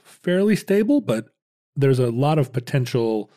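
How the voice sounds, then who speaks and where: A man in his fifties co-hosting a casual podcast, explaining at length in halting restarts with wry asides. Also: medium pitch, very animated, mellow. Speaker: podcast co-host.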